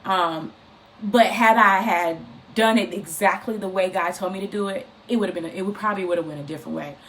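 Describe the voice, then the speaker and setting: A woman giving an informal, encouraging faith talk, speaking in an animated, repetitive, conversational way. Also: medium pitch, a little fast. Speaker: inspirational speaker.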